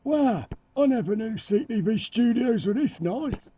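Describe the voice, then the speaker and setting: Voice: medium pitch, expressive, a little slow, warm tone, husky, lo-fi sound. A performer voicing a cheerful dad chicken with a put-on London Cockney accent, talking in a chirpy, slangy way. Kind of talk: amateur cartoon voice acting.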